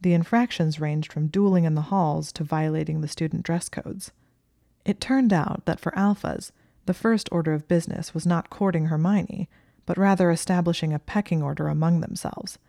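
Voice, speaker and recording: A woman narrating a story aloud in a steady, even way. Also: low voice, moderate pace, creaky, no echo, clean studio sound. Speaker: audiobook narrator. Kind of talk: reading fan fiction aloud.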